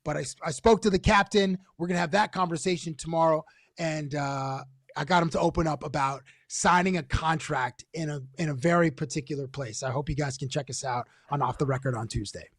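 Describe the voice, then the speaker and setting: A man's voice: a little high, a little fast, no echo, clean studio sound. A man co-hosting a sports podcast, joking and mocking himself in casual chat. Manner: self-mocking, jokey. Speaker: podcast co-host.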